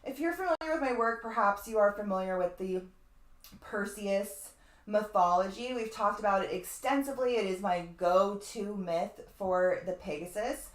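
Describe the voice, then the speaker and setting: A woman's voice: medium pitch, normal speed, reverberant. A woman astrologer giving a casual, rambling lecture in a webinar, full of asides and the odd swear word. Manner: chatty, digressive, fond of asides and mild swearing.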